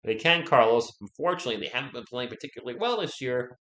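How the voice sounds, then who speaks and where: Fast-talking and lively in intonation, this medium-pitched young man runs casual live commentary in a reverberant space. A sore throat leaves him sounding sick, so he keeps his voice down. He chats and answers questions from viewers.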